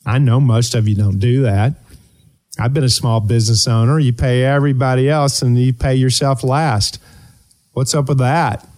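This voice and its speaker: A man hosting a motivational talk show, coaching listeners earnestly with rhetorical questions and deliberate pauses. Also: medium pitch, fairly even intonation, a little mellow. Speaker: host and performance coach.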